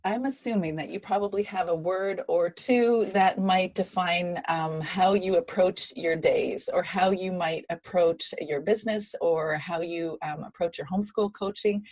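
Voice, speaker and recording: Husky, chatty woman podcast host. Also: on the low side, a little slow, hardly any pauses, darkish tone, no room sound. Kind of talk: podcast interview.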